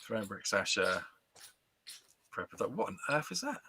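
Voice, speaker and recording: British man, fairly low voice, jokey banter, counts dice aloud. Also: huge pitch swings, moderate pace, a crowd in the background. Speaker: game show co-host. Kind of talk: casual live game commentary.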